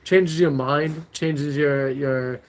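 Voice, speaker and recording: A man's voice: on the high side, steady tone, slow pace. Easygoing man van-life co-host. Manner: easygoing, hesitant, many fillers and restarts. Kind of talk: casual livestream chat.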